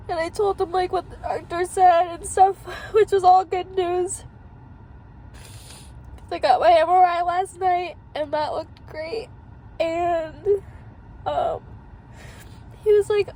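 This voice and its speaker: A woman's voice: extremely high pitch, fairly even intonation, takes it slowly, pauses often, dark tone, poor audio. A young woman vlogging from a parked car, crying and laughing through her tears as she talks. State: tearful, crying. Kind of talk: emotional personal vlog.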